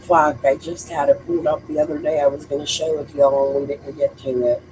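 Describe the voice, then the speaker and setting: Speaking a little fast against a noisy background, this woman has a low, even-toned voice. She's hosting a true crime livestream, chatting casually in a blunt, emphatic style full of profanity.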